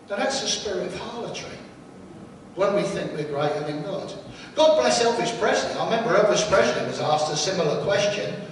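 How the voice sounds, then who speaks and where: Older preacher in an echoey hall. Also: male voice, high-pitched, a bit bright. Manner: chatty, jokes with the congregation. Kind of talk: sermon with anecdotes. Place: church hall. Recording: echoey hall from far off, noisy.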